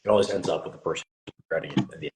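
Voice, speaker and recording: A man's voice: a bass voice, racing. A young man in his twenties, a fitness coach hosting a casual live stream, telling a story and acting out the voices of the people in it. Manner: animated, acts out quotes with a rising voice.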